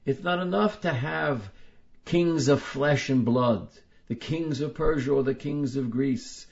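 A man teaching a class, reading passages aloud and explaining them, slowing down to stress key words. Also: medium pitch, vocal fry, muffled recording. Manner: emphatic, slows down to stress words. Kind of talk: text study lecture.

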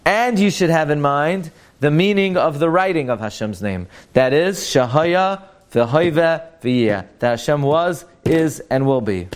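A man's voice: fairly high pitch, lively intonation, unhurried, hardly any pauses, clean tone. A man teaching a classroom lesson on Jewish law. He talks emphatically, repeats Hebrew words to correct their pronunciation and asks rhetorical questions. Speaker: Torah teacher.

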